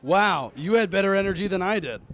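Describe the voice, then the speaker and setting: A man's voice: high-pitched, animated, fairly quick, creaky, a bit bright. A young man joking and teasing on a live dating show, laughing often. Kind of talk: joking live date banter. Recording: live audience crowd noise. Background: live audience crowd.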